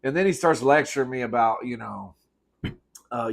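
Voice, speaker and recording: A man's voice: medium pitch, animated, a little fast, creaky, long pauses. Sassy thirtysomething guy telling rambly stories while he eats, swears a lot, calls u girl. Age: 30s. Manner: rambling, self-correcting. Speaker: host. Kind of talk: comedic storytelling while eating.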